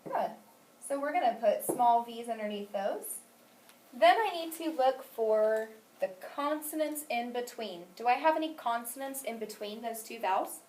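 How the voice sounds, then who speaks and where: A woman's voice: on the high side, expressive, moderate pace, a little mellow. A woman teaching a phonics lesson, asking questions and praising answers patiently. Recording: echoey room, mic at a distance.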